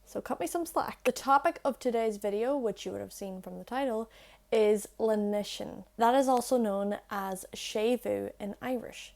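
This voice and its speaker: A young woman explaining pronunciation to camera on her language channel. She is chatty and self-deprecating, and she slows right down to demonstrate sounds. She is recorded on an earphone mic plugged into her phone. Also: on the high side, creaky, a little mellow. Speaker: language-learning YouTuber.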